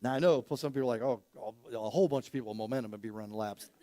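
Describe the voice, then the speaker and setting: A man's voice: mid-range voice, racing, warm tone. A man preaching a casual, story-driven sermon as a pastor, acting out quoted dialogue with rising energy.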